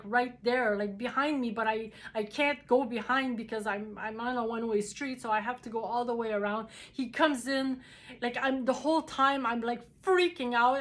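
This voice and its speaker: Woman, casual first-person storytelling, halting delivery with many fillers, slightly higher pitch. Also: fairly bright tone. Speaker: vlogger telling a personal story.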